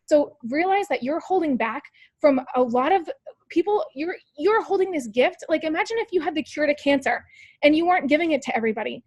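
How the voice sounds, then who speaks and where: A woman's voice: sits high, lively intonation, fairly quick, no room sound. A woman leading a motivational team call, upbeat and coaching, talking straight to her listeners with lots of rhetorical questions. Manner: upbeat, peppy coaching, full of "like" and "you guys". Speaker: team leader on a sales call.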